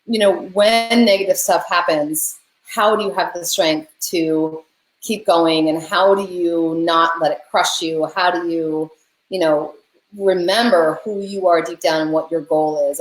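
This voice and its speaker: Low-voiced woman host in an echoey room. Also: normal speed. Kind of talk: casual interview chat.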